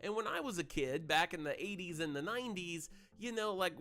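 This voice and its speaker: A man's voice: high voice, lively intonation, brisk, sharp tone. Chatty man hosting a gaming livestream. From Maine. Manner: rambling, chatty, storytelling, former FM radio voice. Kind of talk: casual livestream chat.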